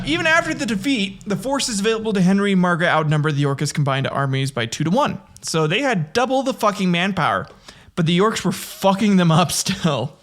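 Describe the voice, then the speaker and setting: A man's voice: fairly high pitch, fairly bright tone. Profane joking man reading history. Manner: profane, joking, reads from notes with slips and laughs. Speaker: podcast host. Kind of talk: casual history podcast retelling.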